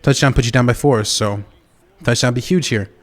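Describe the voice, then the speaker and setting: A man casting a video game football match, calling plays in a relaxed, chatty way with bursts of excitement. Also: mid-range voice. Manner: casual, chatty calls with quick bursts of excitement. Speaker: esports caster. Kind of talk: play-by-play commentary.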